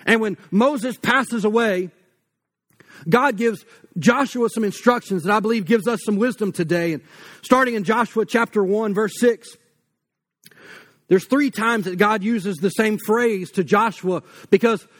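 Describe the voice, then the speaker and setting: A pastor delivers a sermon in an easygoing, conversational tone, full of casual asides. His voice sits high for a man. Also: a little slow, a bit bright. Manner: conversational, folksy preaching with asides.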